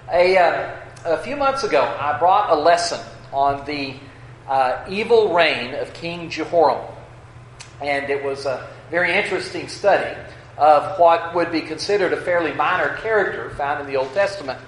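A man's voice: on the high side, normal speed, a little hiss or hum. A man with a West Texas accent preaching a sermon, folksy and hesitant, with many fillers and restarts. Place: church sanctuary. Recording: echoey church room.

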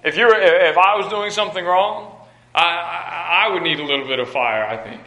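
A man's voice: on the high side, normal speed, bright, forceful tone, echoey room, poor audio. A male preacher giving a sermon, emphatic, repeating phrases and restarting with stammers.

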